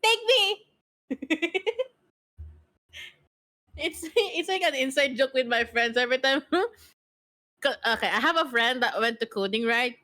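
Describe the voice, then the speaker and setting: A woman's voice: high voice, animated, measured pace, long pauses, sharp tone. A young woman chatting casually on a live stream, rambling and laughing often, with a strained throat. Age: young adult.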